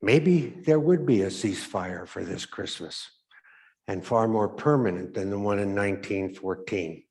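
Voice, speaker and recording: A man with a low-pitched voice tells a story aloud, measured and reflective. He lets his phrase ends drop away quietly. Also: gravelly. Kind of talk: story read aloud for Advent.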